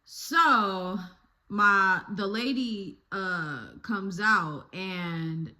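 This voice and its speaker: A young woman YouTuber telling a childhood story in a casual, animated way, laughing and cursing freely. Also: mid-range voice, extremely slow.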